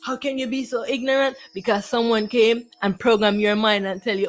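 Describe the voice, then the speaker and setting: A woman's voice: sits high, normal speed, faint music behind, low-quality recording. A woman giving a repetitive, declamatory spiritual monologue. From Jamaica. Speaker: spiritual teacher.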